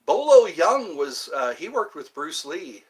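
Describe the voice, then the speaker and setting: A man's voice: a little high, big pitch swings, measured pace, poor audio. A man in his fifties from the United States, hosting a live stream and chatting in a meandering way, full of asides and restarts. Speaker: livestream host. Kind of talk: rambling live-stream chat.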